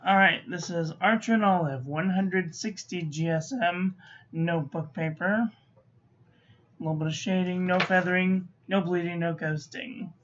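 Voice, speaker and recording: Talking through ink on paper in a relaxed review, a woman offers quick verdicts peppered with chatty asides. She has a fairly low voice at normal speed, and the slightly muffled lo-fi recording carries a little background noise.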